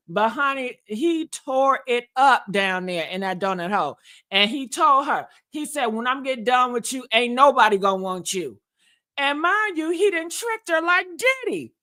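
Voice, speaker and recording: Brief: high, bright woman host, dramatic sassy gossip, laughs a lot. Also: expressive, moderate pace. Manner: sassy, dramatic, laughs often, addresses viewers as honey and y'all. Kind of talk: casual gossip commentary.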